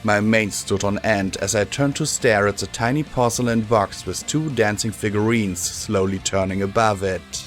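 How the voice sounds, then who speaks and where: A man reading a fan-fiction audiobook in a measured, steady first-person narration. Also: on the low side, faint music behind. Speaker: audiobook reader.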